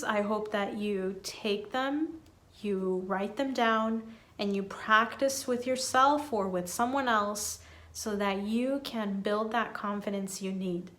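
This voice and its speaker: A woman teaching an English lesson, speaking clearly and carefully in a friendly way and acting out polite phone phrases. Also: medium pitch.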